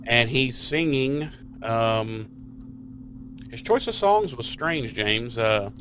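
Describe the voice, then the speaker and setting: A male podcast co-host recaps in a casual but heated chat, swearing heavily and acting out the characters' lines. His animated mid-range voice is a bit bright and slow-paced, with a little hiss or hum in the recording.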